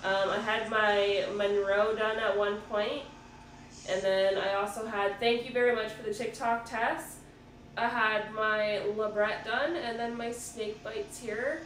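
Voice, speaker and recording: A woman's voice: medium pitch, fairly even intonation, unhurried, a bit bright, slight background noise. Chatty swearing woman in her thirties. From Ontario, Canada. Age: 30s. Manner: chatty and swears freely, reads out comments. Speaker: livestream host. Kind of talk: casual livestream chat. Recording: roomy room, distant mic, music behind.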